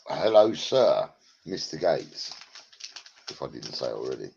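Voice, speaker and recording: A man's voice: extremely low pitch, animated, measured pace, creaky, a little hiss or hum. A man chatting casually to his live-stream viewers from home on a headset, rambling, crude and full of swearing as he greets people by name. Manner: rambling, crude and profane, banters with chat by name. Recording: lo-fi, dull sound.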